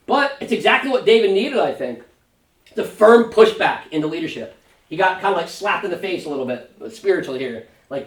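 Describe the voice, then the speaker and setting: A pastor leading a Sunday school Bible study, talking conversationally and often checking in with a quick "right?". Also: male voice, sits high. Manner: conversational, fond of tag question "right?"; animated when paraphrasing scripture figures. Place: church classroom. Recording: roomy church room, mic at a distance.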